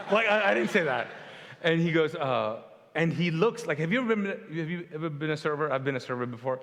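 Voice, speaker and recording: Animated pastor in a big hall. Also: male voice, on the high side, a little fast. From Pakistan. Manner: animated storyteller, acts out quotes, self-deprecating humor. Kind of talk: conversational sermon with stories. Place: large church hall.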